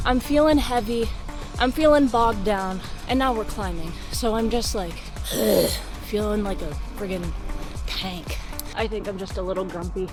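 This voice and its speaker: A woman's voice: mid-range voice, moderate pace, reverberant, over music, low-quality recording. A woman vlogger talking casually and candidly, rambling and swearing freely as she shares her days. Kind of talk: casual chatty vlog.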